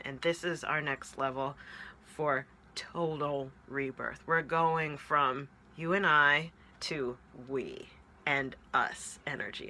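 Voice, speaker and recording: A woman coach talks slowly and earnestly to her audience, her voice bright and forward. She is openly moved as she speaks and keeps checking in with them. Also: low-pitched. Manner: earnest, emotional, keeps asking "right?". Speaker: spiritual coach. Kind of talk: heartfelt direct-to-camera talk.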